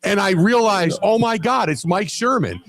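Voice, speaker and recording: A man hosting a sports radio show, telling stories in a lively way that gets loud at the punchlines. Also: sits high, normal speed. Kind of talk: animated radio storytelling.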